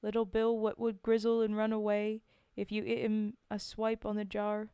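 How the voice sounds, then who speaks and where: A woman voicing a plucky Cockney wartime woman in a dramatic poetry reading, with a rough put-on accent. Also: medium pitch, monotone, moderate pace, warm tone, no room sound, studio quality, natural voice. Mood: storytelling. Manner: rough, self-admittedly shaky accent in a sing-song reading.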